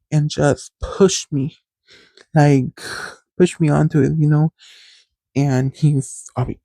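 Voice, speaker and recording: Dark gravelly man, candid storytelling. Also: medium pitch, dry recording, rough recording. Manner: candid, rambling, addresses listeners directly. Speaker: podcast host. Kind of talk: casual storytelling.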